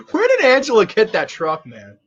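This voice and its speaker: A man hosting a casual fan commentary on a movie, excitable and crude, laughing often. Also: sits high, measured pace, slightly rough, soft background music. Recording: slightly dull lo-fi audio.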